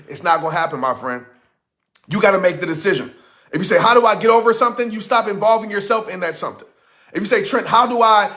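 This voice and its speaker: A man's voice: high voice, bright, forceful tone. A man giving a blunt, impassioned motivational talk. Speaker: motivational speaker.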